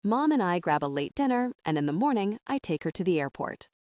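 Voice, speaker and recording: Expressive woman narrating an audiobook. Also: on the low side, brisk, no room sound, highs cut off. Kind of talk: first-person audiobook narration.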